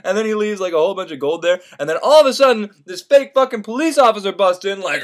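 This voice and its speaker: A man's voice: sits high, expressive, quick pace, hardly any pauses. A man casually retelling a classic novel as comedy, rambling and profane, jumping into silly voices for the characters.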